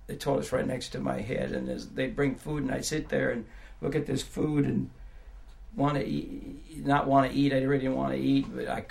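An older man preaching a personal testimony, moving from hushed storytelling to crying shouts. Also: medium pitch, steady tone, moderate pace, gravelly. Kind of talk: sermon testimony.

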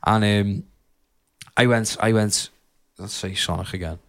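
A young man with a fairly low voice chats casually as a podcast co-host. He rambles through stories full of fillers and keeps laughing as he goes. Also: fairly even intonation, a little slow. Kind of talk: casual storytelling chat.

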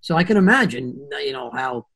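A man's voice: fairly high pitch, big pitch swings, brisk, gravelly, a bit bright, husky. A man on a panel telling a casual story to old friends, swearing and saying "you know" a lot. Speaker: actor on a panel.

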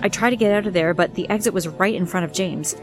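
A woman's voice: on the low side, quick pace, faint music behind. A woman reading a first-person story aloud in an earnest, plain way. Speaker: narrator.

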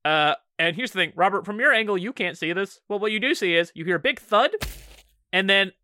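A woman narrating a tabletop game as game master in an animated, giggly storytelling manner. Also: mid-range voice, a little fast, dry recording, clean studio sound.

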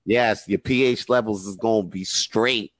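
A man's voice: fairly low pitch, fairly even intonation, unhurried, no echo. A man hosting a casual live podcast, talking in a slangy, profane, hyped-up motivational way. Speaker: podcast host.

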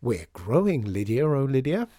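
A man's voice: medium pitch, big pitch swings, moderate pace, mellow, dry recording, studio quality. A man reading a storybook voices a chatty, cheerful female shopkeeper.

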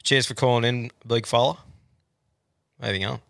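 An Australian man hosts a podcast in a loose, joking chat, full of laughs and swearing. His voice is bright and forward, and the room sounds dry and close. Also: mid-range voice, fairly even intonation, moderate pace, gravelly, no echo. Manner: laughs often, swears a lot. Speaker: podcast host. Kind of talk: casual chat.

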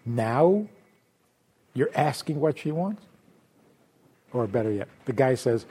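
A man teaching a Torah class, acting out imagined voices and laughing often, dropping to hushed asides and then rising loud. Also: mid-range voice, expressive, slow, husky. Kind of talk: lively spoken Torah class.

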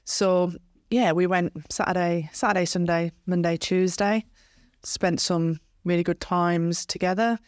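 A woman's voice: lowish voice, unhurried, no room sound, clean studio sound. A woman in her thirties with a British accent, co-hosting a podcast in casual chat, giggly and eager to tell stories. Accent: British English. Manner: giggly, chatty, animated storytelling. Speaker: podcast co-host.

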